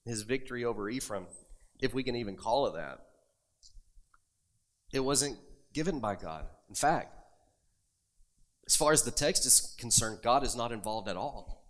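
A man preaching from the pulpit, building his points with emphatic, rising force as he reads and explains scripture. His voice sits in a middle register, neither high nor low. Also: animated, moderate pace, long pauses, a bit bright. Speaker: pastor. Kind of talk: sermon.

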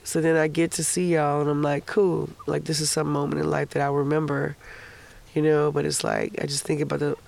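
Man, gravelly voice, a bit higher pitched, candid and profane, casual storytelling. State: emotional, recalling grief. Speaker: guest sharing a personal story. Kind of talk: casual conversation.

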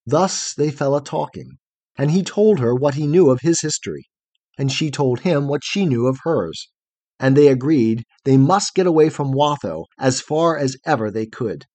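A man reading a fairy tale aloud in a measured, expressive storytelling manner. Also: mid-range voice, dry recording. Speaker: narrator.

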